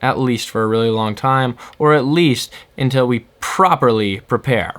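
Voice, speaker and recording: A man vlogger animatedly retelling a scary adventure in a casual, excitable way. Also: medium pitch, moderate pace. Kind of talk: casual storytelling.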